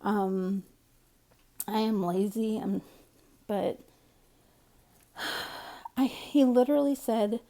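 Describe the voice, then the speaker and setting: Woman, casual storyteller; soft, warm tone, rambling and candid. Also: medium pitch, drawn-out words, pauses often.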